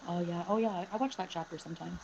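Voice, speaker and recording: A woman's voice: fairly low pitch, very fast, gravelly. Chatty woman on a lo-fi home mic. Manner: chatty, reads chat names aloud. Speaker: livestream guest. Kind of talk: casual livestream chat. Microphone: home mic with a fan humming. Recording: lo-fi with loud fan noise.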